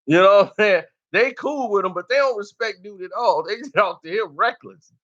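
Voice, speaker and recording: A man's voice: high voice, normal speed, fairly bright tone, muffled recording. A man telling a story in casual street slang, loose and chatty, often tossing in "you know".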